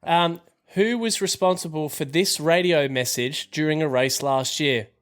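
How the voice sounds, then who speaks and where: A man's voice: a little high, unhurried, clear, resonant tone. A man co-hosting a casual podcast who runs a quiz for his friends, reading out questions in an upbeat, joking way and swearing now and then. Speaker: podcast co-host running a quiz.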